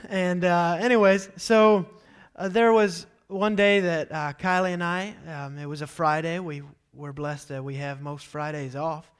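Man, pastor, sermon, high voice, lively storytelling. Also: normal speed, smooth. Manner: animated storytelling, acts out quotes loudly.

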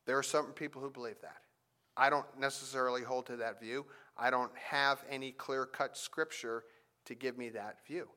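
A man preaching a sermon, telling a family story and then teaching from scripture, with animated emphasis on key points. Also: mid-range voice, normal speed. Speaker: pastor.

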